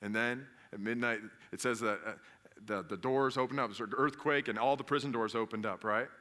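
A man preaching a casual, conversational sermon, his voice bright and forceful. He keeps turning to the congregation with questions, then jumps to loud, emphatic peaks. He sounds like a father speaking plainly to his church. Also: mid-range voice, a little fast. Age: adult father. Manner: talks directly to the congregation with questions.

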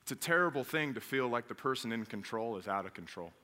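Bright-voiced man preaching with animated fervor. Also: medium pitch, fast. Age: adult father. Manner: animated, jumps to loud emphatic peaks; talks directly to the congregation with questions. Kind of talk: conversational sermon.

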